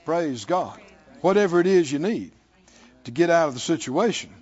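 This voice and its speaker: Male pastor, middle-aged, emphatic sermon delivery, lively pitch, slightly dull recording. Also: normal speed. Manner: emphatic, calls out to the congregation.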